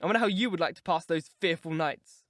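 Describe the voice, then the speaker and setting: A man's voice: fairly high pitch, fast, fairly bright tone, dry recording, clean studio sound, natural voice. A man reading an audiobook, voicing a sickly, spiteful teenage boy with a whiny, petulant manner. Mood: self-pitying.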